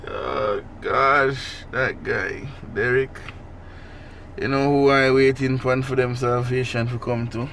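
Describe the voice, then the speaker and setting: Man, casual podcast chat, agreeable, mid-pitched voice. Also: slow pace, creaky, a bit bright, a little hiss or hum. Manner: agreeable, laughs easily, repeats phrases. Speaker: podcast co-host.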